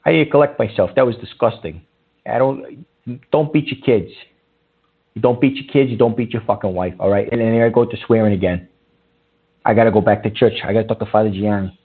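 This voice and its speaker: A man's voice: fairly low pitch, fairly quick, slightly rough. A man hosting a comedic call-in radio show, blunt and heated, swearing as he lectures. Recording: tinny phone-like line.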